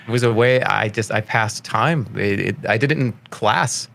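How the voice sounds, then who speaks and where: A man's voice: moderate pace, creaky, a bit bright. A man in his thirties from Boston with a light Boston accent, a rambling, jokey interview guest. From Boston, Massachusetts. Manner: rambling, jokey, slips into high put-on voices for quotes. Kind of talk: casual interview chat.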